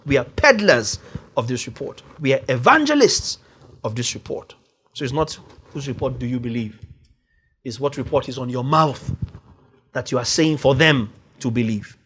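A man's voice: mid-range voice, fairly bright tone, husky. A man preaching a sermon, stressing key words by drawing them out and rising to exclamations.

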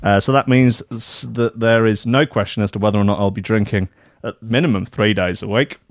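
A man's voice: on the low side, steady tone, brisk, no echo, studio quality. A man hosting a casual drinking chat show, rambling and swearing with a self-mocking tone and frequent restarts.

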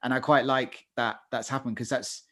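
This podcast co-host speaks at a normal speed with a fairly bright, medium-pitched voice and fairly even intonation. He chats casually, stumbling through plenty of fillers and correcting himself as he goes.

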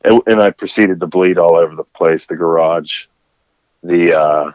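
Man, fishing charter captain, casual storytelling, low pitch, dry dull recording. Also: moderate pace, no echo. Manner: animated storyteller acting out quotes. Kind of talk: casual storytelling in a podcast chat.

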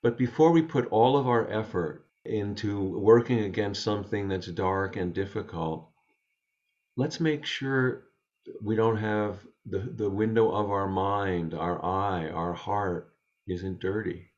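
Male guest, low voice, gentle reflective storyteller, dull lo-fi remote sound. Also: slow. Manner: gentle, thoughtful, with frequent restarts. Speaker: interview guest. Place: home study.

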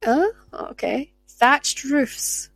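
A woman's voice: high voice, animated, extremely slow, vocal fry, a bit bright, soft background music. A woman hosting a podcast, chatting casually and effusively with her guest. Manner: chatty, effusive, laughs easily. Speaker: podcast host. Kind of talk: casual interview chat.

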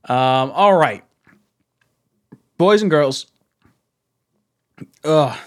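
Young adult man, livestream host, excitable, lively pitch, slow unhurried delivery. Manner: excitable, laughs often, reads chat aloud. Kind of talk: casual fan livestream chat.

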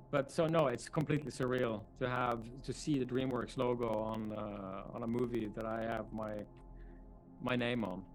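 A man, a film director, answering press interview questions in a thoughtful, halting way with many fillers. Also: medium pitch, fairly even intonation, low-quality recording.

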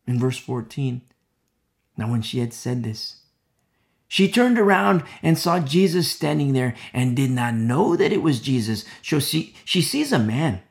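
A preacher giving an impassioned sermon, repeating phrases for emphasis and dropping to hushed whispers between louder passages. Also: mid-range voice, big pitch swings, measured pace, creaky. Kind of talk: expository sermon.

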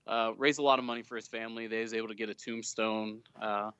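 Bright-voiced man telling stories. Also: on the low side, fast talker, smooth, dry recording, highs cut off. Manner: storytelling, animated retelling of quotes. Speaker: guest, fan club leader. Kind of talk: casual podcast chat.

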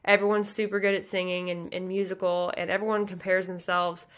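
A woman's voice: fairly low pitch, little pitch movement, fairly bright tone. A woman in her thirties from the American Midwest, a pageant coach talking passionately and chattily on her podcast. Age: 30s. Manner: passionate, fast, chatty with many likes and you guys. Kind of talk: motivational podcast talk.

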